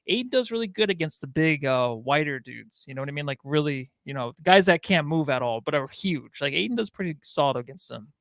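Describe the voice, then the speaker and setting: A man's voice: a little high, lively intonation, brisk, gravelly, few pauses, a bit bright, no room sound. A man co-hosting a casual sports podcast, talking loosely and rambling, with swearing and lots of "like". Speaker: podcast co-host.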